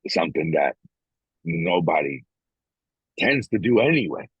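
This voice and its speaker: A man's voice: low voice, very animated, a little slow, fairly bright tone, breathy edge, no echo, highs cut off. A man co-hosting a casual podcast, speaking frankly and reflectively, swearing freely and often restarting his sentences. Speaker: podcast co-host.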